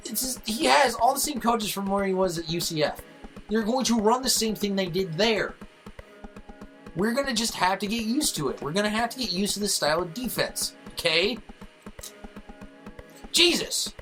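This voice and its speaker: A man's voice: high-pitched, a bit bright, low-quality recording. A young man rants heatedly on a casual podcast, his voice swinging widely as he swears his way through his points. Faint music sits underneath. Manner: heated, profane, ranting. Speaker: podcast co-host.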